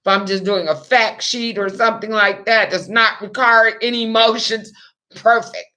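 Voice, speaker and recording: Bright-voiced woman telling a rambling story. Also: fairly high pitch, steady tone, moderate pace. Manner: rambling, emotional, profane. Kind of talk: casual monologue.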